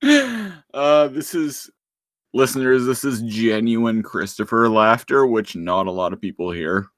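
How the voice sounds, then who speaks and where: A man co-hosting a relaxed podcast who takes his time and laughs often. His pitch rises and falls freely, and he swears casually. The sound is dry and close. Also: measured pace, no room sound. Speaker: podcast co-host. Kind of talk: casual chat.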